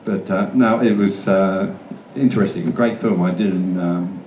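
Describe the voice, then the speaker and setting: At a fan convention Q&A, a guest actor from the Australian outback answers with blunt, casual stories, cursing freely and laughing a lot. He has a low, slightly mellow voice with a steady tone and moderate pace, recorded distantly in a large, echoey hall where faint room noise lingers.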